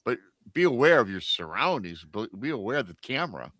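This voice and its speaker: A man's voice: mid-range voice, sing-song, brisk, a bit bright, no room sound. A man chatting casually on a podcast, telling stories to his co-hosts. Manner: chatty, storytelling. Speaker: podcast host. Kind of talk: casual chat.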